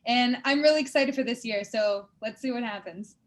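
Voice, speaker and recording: A young woman from the United States, a pageant contestant chatting earnestly and fast in a casual video-call interview, heavy on fillers. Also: on the high side.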